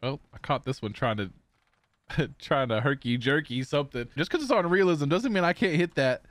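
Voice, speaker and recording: A fairly high-voiced young man gives running live commentary while he plays a shooter game on stream. He taunts the other players in a playful way and breaks into sudden excited yells, then drops back into quick, loose chatter. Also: no echo. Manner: excitable, taunting banter with bursts of yelling. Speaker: gaming streamer.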